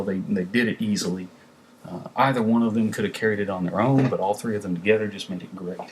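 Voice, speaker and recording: A man's voice: mid-range voice, slight background noise. A man reviewing a film in a casual, rambling way, with many fillers and restarts. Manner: conversational, lots of fillers and restarts. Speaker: movie reviewer.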